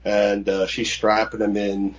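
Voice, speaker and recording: A man co-hosting a podcast, recapping a movie in casual chat with halting, rambling storytelling. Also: fairly low pitch, completely flat delivery, creaky, muffled recording. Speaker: podcast co-host.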